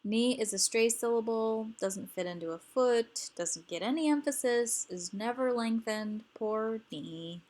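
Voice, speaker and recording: A woman's voice: a little high, unhurried, hardly any pauses, darkish tone. A woman teaching grammar rules, explaining patiently and repeating each example word.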